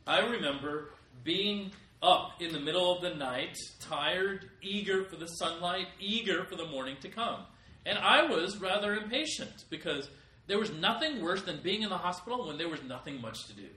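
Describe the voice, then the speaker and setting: A man's voice: sits high, lively intonation, moderate pace, bright, forceful tone. A middle-aged man preaching a sermon as pastor, with emphatic rises in volume. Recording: echoey room, voice from a distance.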